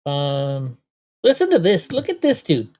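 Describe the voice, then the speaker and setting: A man hosts a casual livestream and talks straight to his viewers. He is chatty and exclaims often, moving quickly from story to story. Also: a little high, huge pitch swings, darkish tone. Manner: chatty, exclaiming, retells conversations. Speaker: livestream host.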